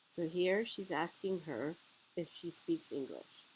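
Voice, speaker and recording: A woman's voice: fairly low pitch, animated, slow pace, darkish tone, a little hiss or hum, poor audio. A woman teacher giving a guided video lesson, patiently explaining words step by step. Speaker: French teacher.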